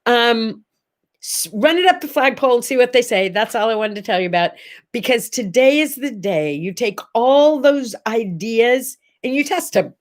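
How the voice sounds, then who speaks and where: A middle-aged woman with a fairly high voice hosts a relaxed morning chat show. She talks straight to her camera, gushing and rambling, and keeps slipping into little asides. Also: moderate pace. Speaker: host. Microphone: talking to a camera.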